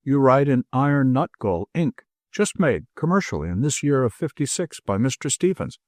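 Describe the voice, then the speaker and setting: A man's voice: medium pitch, big pitch swings, normal speed, a little mellow, no echo, close to an everyday voice. A man doing a dry, amused old doctor. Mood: dryly amused. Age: older.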